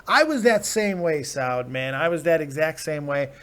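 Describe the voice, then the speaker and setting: A man's voice: fairly high pitch, animated, moderate pace, fairly bright tone. A tired man hosting a live reaction stream, casually reading chat comments aloud with plenty of swearing and laughter. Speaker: live-stream show host.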